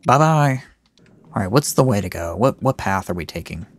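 A man giving let's play commentary, talking to himself and reacting aloud with excitement as he plays. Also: fairly low pitch, normal speed. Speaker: gamer. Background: game music.

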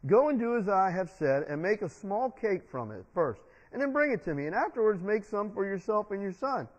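A man with a high voice preaches from the pulpit, calling on the congregation to answer him as he tells the story. The sound is dull and muffled, with a long reverb from the church sanctuary around him. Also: sing-song, a little fast. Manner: preaching with call-and-response to the congregation. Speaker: pastor. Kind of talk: sermon.

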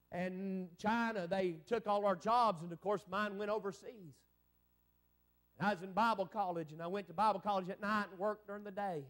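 A man preaching a revival sermon as an evangelist. He tells a personal story with fervor, dropping low and hushed before building to loud, exclamatory peaks full of "amen.". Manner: fervent storytelling preacher, keeps repeating "boy, I'm telling you" and "amen".

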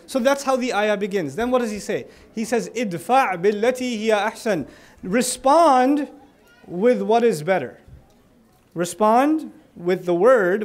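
A man with a very high voice, an Islamic speaker, gives a conversational religious lecture. He explains verses, adding joking asides and acting out little dialogues.

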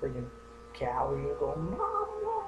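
A young man rambling through a goofy comedic vlog monologue, going from joke to joke with silly deadpan asides. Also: a little high, a little slow, gravelly, noisy background. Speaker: vlogger.

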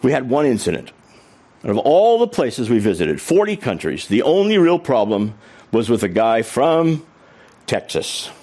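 A man's voice: mid-range voice, big pitch swings, moderate pace, darkish tone. A middle-aged man giving a humorous storytelling keynote talk on stage. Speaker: keynote speaker.

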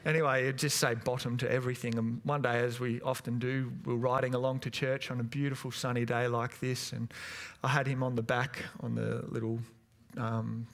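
A man's voice: medium pitch, little pitch movement, normal speed, gravelly. A man, a pastor giving a sermon in a church, telling family anecdotes in a chatty, hesitant way with many fillers.

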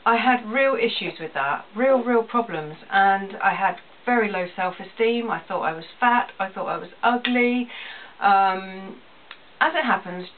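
A woman's voice: medium pitch, a little slow. A woman who runs a small business, talking earnestly to camera in a personal vlog and repeating phrases for emphasis. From England. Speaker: small business owner vlogging. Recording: tinny phone-like audio, distant, faint hiss.

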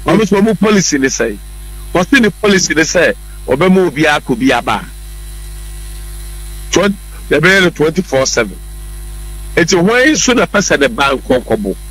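Ghanaian guy on a talk show, kinda high voice, pushing his points hard, says things twice. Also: a bit bright, low-quality recording. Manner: emphatic, argumentative, repeats points, mixes in English words. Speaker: political commentator. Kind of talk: political talk show discussion.

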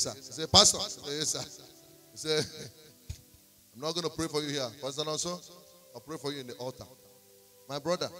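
A man with a Nigerian accent preaching a sermon in church, telling a testimony and slipping into pidgin. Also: a little high. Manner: storytelling, slipping into pidgin, rising to shouts and singing. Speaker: prophet preaching. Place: church service.

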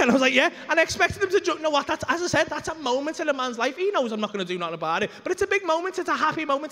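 A male stand-up comedian, telling an animated, sweary story and acting out the voices in it. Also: very high-pitched, rapid-fire, hardly any pauses. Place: comedy club stage. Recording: live club recording with long reverb and faint room noise.

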